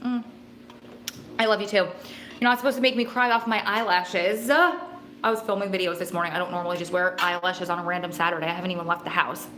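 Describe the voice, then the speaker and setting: A woman's voice: fairly low pitch, fairly even intonation, fast talker, bright, forceful tone, a little hiss or hum. A young adult woman hosting a casual livestream, chatting emotionally and gushing thanks to her viewers. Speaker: host of a livestream for prison families. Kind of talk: casual live chat, reading viewer comments. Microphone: phone.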